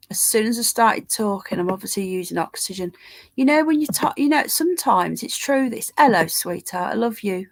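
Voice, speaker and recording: Tired, chatty woman livestreaming. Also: on the high side. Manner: chatty, rambling, swears casually, greets viewers by name. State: tired and yawning. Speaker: livestream host reading live chat. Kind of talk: casual livestream chat.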